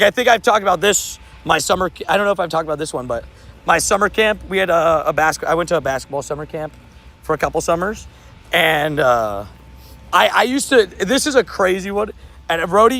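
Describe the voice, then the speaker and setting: Animated young man telling stories on stream. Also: high-pitched, gravelly. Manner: animated, laughing, repeats words. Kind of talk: casual livestream storytelling.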